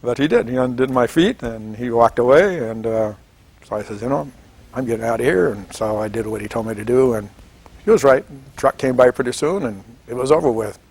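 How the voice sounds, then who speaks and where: Gravelly older man telling a war story. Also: mid-range voice, a little fast, dry recording. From Washington State, United States. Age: 70s. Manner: animated storytelling, acts out quoted voices, chuckles often. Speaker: veteran interviewee. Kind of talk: oral history interview.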